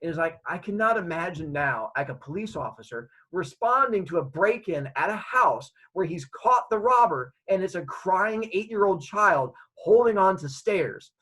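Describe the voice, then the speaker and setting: A man's voice: high-pitched, expressive, normal speed, hardly any pauses, sharp tone, slightly rough, poor audio. A man telling a funny story from his childhood, acting out the scenes. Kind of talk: comedic personal storytelling.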